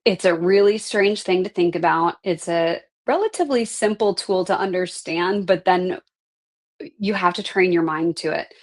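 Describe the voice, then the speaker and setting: Woman, middle-aged, life coach, lowish voice, earnest conversational teaching. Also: normal speed. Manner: earnest, conversational, frequent "right?" tags. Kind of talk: live online class talk.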